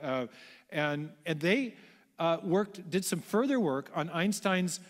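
A man's voice: fairly high pitch, animated, slow, long reverb tail. A man giving a public lecture, explaining step by step in an earnest way.

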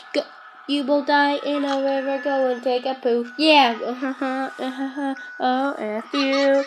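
A woman's voice: high-pitched, flat delivery, a little slow, over music, low-quality recording. A woman commenting on a game as she plays, chatting, humming and jokingly insulting the characters. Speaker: gameplay commentator. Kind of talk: let's-play commentary.

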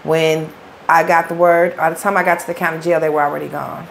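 A woman's voice: sits low, level tone, brisk, gravelly, a little hiss or hum. A woman, an interview guest telling her own story in blunt, profane street talk.

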